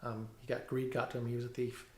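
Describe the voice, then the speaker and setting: A middle-aged police officer giving a personal testimony at home, talking haltingly with many fillers and restarts. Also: male voice, medium pitch, monotone, roomy sound. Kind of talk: personal testimony, reading from notes. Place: room at home.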